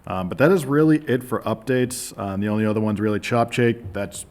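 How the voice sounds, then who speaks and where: A man's voice: fairly low pitch, brisk, a little mellow. A man with a Boston accent giving staff updates at a town meeting, chatty and full of ums. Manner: chatty, filler-heavy. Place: meeting room.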